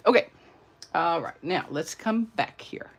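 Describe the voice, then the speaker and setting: A woman's voice: on the low side, animated, unhurried, heavy background noise. A woman demonstrating card-making in a casual, chatty tutorial, greeting her viewers and drifting into side stories. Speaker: papercraft demonstrator.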